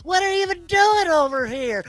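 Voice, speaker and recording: A woman voicing a crotchety old male kobold who is gruff, bossy and loud. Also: very high-pitched, animated, fairly quick, no echo, pitched above the performer's own voice.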